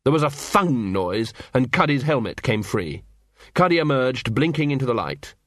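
A man narrates a story in a wry, measured way. His pitch is lively and varied, and the recording is close and dry with no room sound. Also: no room sound. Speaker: audiobook narrator. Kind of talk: scripted narration.

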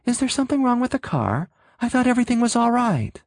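A man voicing a shapeshifter that has taken the form of a young woman, bewildered and faltering, pitched high. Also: sing-song, quick pace, vocal fry, darkish tone, no room sound, clean studio sound, exaggerated voice.

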